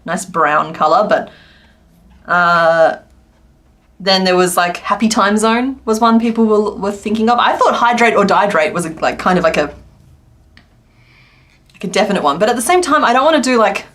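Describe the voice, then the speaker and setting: A woman's voice: medium pitch, normal speed, long pauses, a bit bright. A woman chatting casually on a crochet livestream, rambling and laughing often. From Australia. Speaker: crochet streamer.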